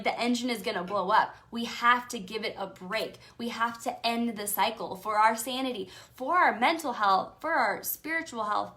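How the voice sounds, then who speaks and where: Bright-voiced chatty woman coach. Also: mid-range voice. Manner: chatty and emphatic, with many fillers. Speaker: life coach. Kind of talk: casual motivational talk.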